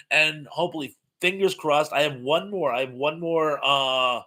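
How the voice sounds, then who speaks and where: A man's voice: fairly high pitch, normal speed, pushed and bright. A man hosting an impromptu live stream. He reads viewer comments aloud and chats loosely, with plenty of ums and uhs. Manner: rambling and chatty, with frequent ums and uhs. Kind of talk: casual live chat reading viewer comments.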